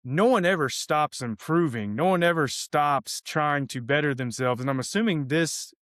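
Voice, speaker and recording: A man's voice: a little high, moderate pace, fairly bright tone, no echo, studio quality. A male podcast host talking casually and enthusiastically, with frequent restarts as he builds his questions. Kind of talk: conversational interview.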